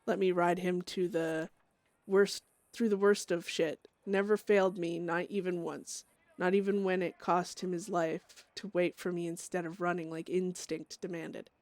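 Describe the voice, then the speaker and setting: A woman voicing a grieving, haunted young outlaw woman, reading her journal aloud as a hushed, brooding inner monologue that drops into whispers. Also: lowish voice, flat delivery, unhurried, dry recording. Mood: bitter.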